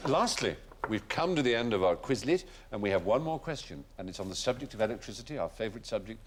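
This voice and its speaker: A man's voice: on the low side, very animated, fast. A man hosting a panel quiz show, articulate and playful, often laughing. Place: studio before a live audience. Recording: studio with loud audience and noise.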